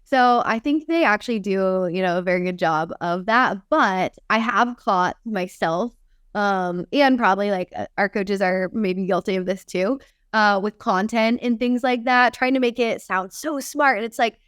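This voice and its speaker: A young woman coach talks in a quick, chatty way, laughing often as she answers questions. Her voice is smooth and clear, recorded close and dry with no room sound. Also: medium pitch, a bit bright, no echo. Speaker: fitness coach and company founder. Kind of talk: casual podcast interview.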